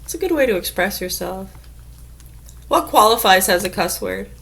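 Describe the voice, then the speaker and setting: A woman's voice: medium pitch, lively intonation, moderate pace, vocal fry, fairly bright tone. A woman in a casual vlog who reads definitions aloud and riffs on them sarcastically, swearing freely. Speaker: vlogger. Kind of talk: casual musing monologue.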